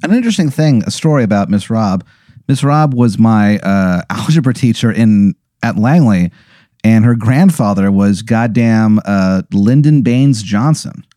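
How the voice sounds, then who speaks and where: Animated man swearing through a bit. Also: fairly low pitch, measured pace, no room sound, studio quality. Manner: animated, swearing, laughs readily. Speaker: podcast co-host. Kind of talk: casual chat.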